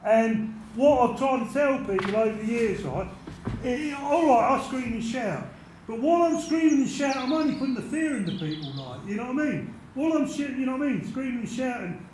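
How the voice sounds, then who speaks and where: A man telling stories in a casual interview, blunt and animated, swearing constantly. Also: very high voice, a little hiss or hum. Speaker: interviewee, former doorman. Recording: echoey room.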